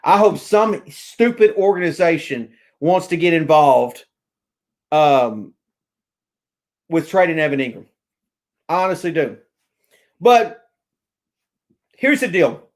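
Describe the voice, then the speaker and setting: A man ranting casually to his viewers as a sports fan vlogger, excitable and rambling, stammering over restarts and swearing freely. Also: on the high side, slow pace, pauses often. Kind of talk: casual fan rant to camera.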